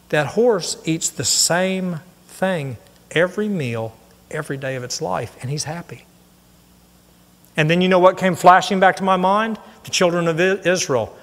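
A middle-aged man preaching a sermon, telling a personal story in an earnest, animated way. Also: a little high. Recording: long hall reverb.

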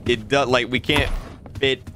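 A man's voice: medium pitch, steady tone, unhurried, fairly bright tone, a little hiss or hum. Young Australian man streaming a game. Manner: chatty, reads out chat messages. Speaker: gaming streamer. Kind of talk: casual gaming stream chat. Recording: game music under the voice.

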